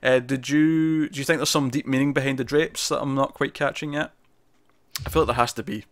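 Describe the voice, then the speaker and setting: A man's voice: mid-range voice, fairly even intonation, a little fast, no room sound. A Scottish man co-hosting a TV review show, chatting casually and rambling, laughing often.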